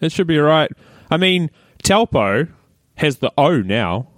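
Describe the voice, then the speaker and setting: Lively, teasing New man. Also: fairly high pitch, no room sound, clean studio sound. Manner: teasing, quick interjections. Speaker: podcast co-host. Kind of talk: casual chat.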